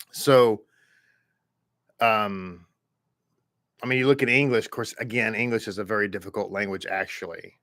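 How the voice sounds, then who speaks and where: A man with a Texas accent teaching a Hebrew reading class online in a relaxed, chatty way, repeating words slowly for his students. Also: mid-range voice, dry recording, clean studio sound. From American South.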